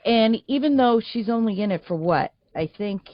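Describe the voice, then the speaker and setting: A woman's voice: fairly high pitch, lively intonation, moderate pace, dry recording, muffled recording. A woman from Boston, guest voice actor, talking in a chatty, laughing way with many restarts. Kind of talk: casual interview chat.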